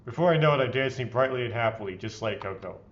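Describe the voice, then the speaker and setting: In a quick, medium-pitched voice, a man hosting a let's play reads visual novel text with playful theatricality and adds his own comments. The recording has its highs cut off.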